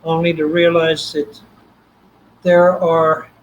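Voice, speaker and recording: A man's voice: on the high side, takes it slowly, dull audio, slight background noise. Older Texan man telling a story. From Texas. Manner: animated, acts out quoted voices. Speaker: guest. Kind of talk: storytelling interview.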